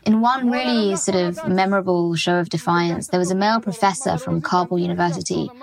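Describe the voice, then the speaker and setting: A woman correspondent answering interview questions on a news podcast, measured and analytical, with some fillers. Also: on the low side, steady tone, gravelly, a crowd in the background.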